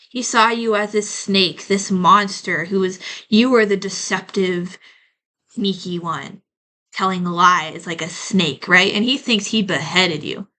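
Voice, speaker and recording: A woman's voice: medium pitch, pushed and bright. A woman giving a casual tarot reading to her viewers, chatty and rambling with lots of "like" fillers, calling her audience y'all. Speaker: tarot reader.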